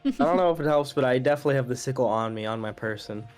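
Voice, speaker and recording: Fast talking player in a tabletop game, mid pitch, music faintly behind. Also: a little mellow. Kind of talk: casual tabletop play.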